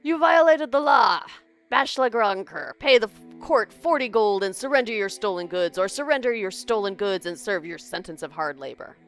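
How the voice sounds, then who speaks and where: Woman reading as a stern guard giving loud clipped orders over faint music. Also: medium pitch, expressive, moderate pace, close to an everyday voice.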